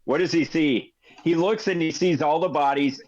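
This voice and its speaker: A man narrating a tabletop game as game master, animated. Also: on the high side, moderate pace. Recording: dull lo-fi recording.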